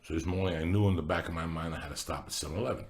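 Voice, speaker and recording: Podcast host, middle-aged man, low gravelly voice, animated storyteller. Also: racing. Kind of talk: casual storytelling.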